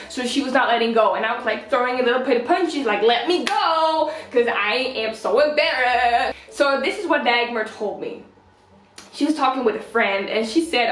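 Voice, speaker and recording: A woman in her twenties from the Netherlands, telling a story in a casual vlog and acting out the quotes. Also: on the high side. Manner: animated storyteller, acts out quotes with laughs. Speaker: vlogger. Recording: roomy echo.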